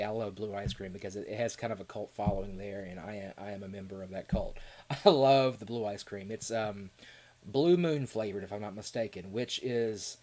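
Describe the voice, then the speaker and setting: A man's voice: on the low side, darkish tone. A man with a Kentucky accent chatting casually with viewers on a live stream, rambling with frequent laughs and fillers.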